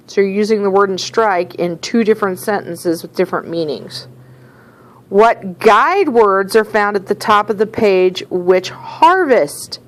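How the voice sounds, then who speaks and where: A woman teacher explaining a dictionary worksheet in a patient, step-by-step way. She pauses often to check that her students are following along. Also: medium pitch, low-quality recording. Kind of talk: classroom dictionary lesson.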